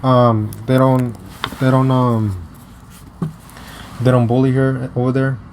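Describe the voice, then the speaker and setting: A man's voice: medium pitch, steady tone, a little mellow, a little hiss or hum. Rambling young man telling a story. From United States. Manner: rambling, halting with many restarts and fillers; profane, blunt. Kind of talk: casual storytelling vlog.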